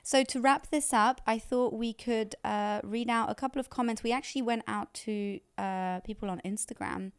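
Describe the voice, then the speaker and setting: A woman's voice: on the high side, steady tone, moderate pace, hardly any pauses, clean tone. A woman co-hosting a podcast, chatty and wry, often laughing. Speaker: podcast co-host. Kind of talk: casual chat.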